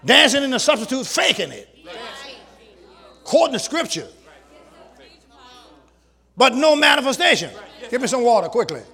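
A man preaching a sermon to his congregation, using call-and-response and shouting at the peaks. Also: very high voice, huge pitch swings, moderate pace, vocal fry, pauses often, some chatter behind. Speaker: pastor. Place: church sanctuary with congregation.

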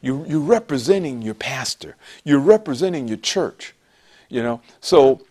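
A middle-aged man preaching a sermon, telling a rambling personal story with many restarts that rises into loud, emphatic preaching. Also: medium pitch, lively intonation, measured pace. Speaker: pastor.

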